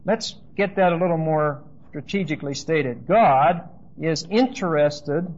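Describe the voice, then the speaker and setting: During a church service, a pastor with a fairly high, slightly mellow voice walks his congregation through Bible verses conversationally, often asking "okay?" and making asides. The recording has its highs cut off.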